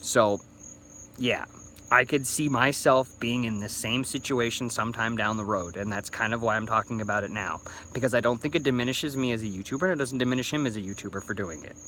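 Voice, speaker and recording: A man's voice: medium pitch, fairly quick, a bit bright, a little hiss or hum. A thirty-year-old man, a little drunk, rambling through a casual vlog rant with stumbling restarts and swearing, recorded on a phone. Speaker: YouTuber.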